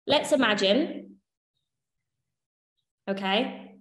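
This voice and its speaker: A woman's voice: on the high side, very slow, a bit bright. A woman leading a workshop, teaching in a casual, chatty way, swearing offhand and checking that her listeners follow. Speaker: workshop leader. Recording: echoey room.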